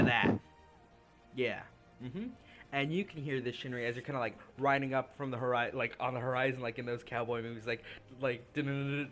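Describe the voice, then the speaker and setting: A man's voice: medium pitch, a bit bright. A man narrating a tabletop game as game master, loose and laughing, full of fillers.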